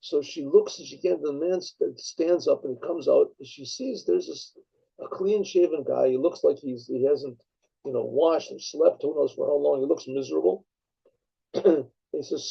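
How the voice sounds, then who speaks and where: A man, a rabbi, telling a story in a rambling way, with frequent restarts and throat-clearing. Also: a little high, normal speed. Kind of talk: storytelling talk. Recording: dull lo-fi recording.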